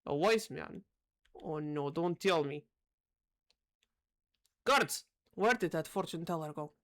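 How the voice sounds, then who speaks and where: A stern, fatherly old king with a gruff, lowered voice, as a woman puts him on. He carries a made-up accent and a commanding air, like a ruler in a fantasy game. The delivery is deliberate and regal. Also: fairly bright tone, heavily acted.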